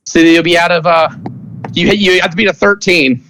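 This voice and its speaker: A man narrating as game master of a tabletop game, talking in a halting way with many restarts. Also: high voice, steady tone, sharp tone, slight background noise, poor audio.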